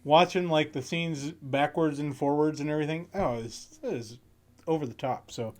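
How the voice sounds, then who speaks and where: A man's voice: fairly high pitch, moderate pace. A man co-hosting a casual movie review chat, giggly and enthusiastic. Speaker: podcast co-host.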